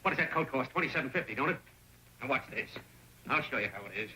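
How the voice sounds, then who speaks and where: An actor playing a brash, scheming inventor husband in a 1930s film comedy, wheedling and pushy. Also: male voice, mid-range voice, lively intonation, fast, sharp tone. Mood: pleading. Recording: scratchy 1930s film soundtrack with music.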